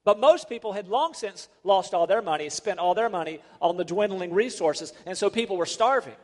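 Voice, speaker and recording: Pastor guy preaching, pretty high voice, big hall reverb, keeps asking questions. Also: animated, fairly quick, a little mellow. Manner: emphatic preaching with rhetorical questions. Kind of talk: sermon. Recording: long reverb of a large hall.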